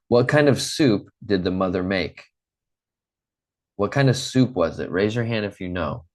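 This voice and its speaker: Deep-voiced patient male English teacher. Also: lively intonation, a little mellow. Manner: patient, encouraging, slow clear drilling. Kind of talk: online English class.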